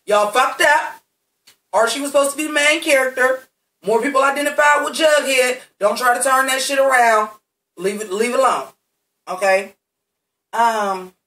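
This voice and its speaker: A man with a bright, sharp-edged voice tears through a TV episode recap, cursing freely and speaking straight to his audience. He sits back from the mic, and the room around him rings with echo. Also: very high voice, recorded from a distance. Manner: blunt and heavily cursing, talks straight to viewers. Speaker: TV recap reviewer. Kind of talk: profane, sassy episode recap.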